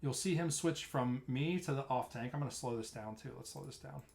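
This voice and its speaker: This is a young man casually breaking down a game fight over replay footage. He speaks in a loose, conversational way, often circling back to restart a thought. His voice sits at an everyday middle pitch. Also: brisk, creaky, a little mellow, slight background noise. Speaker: streamer explaining raid tanking. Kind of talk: casual gameplay walkthrough.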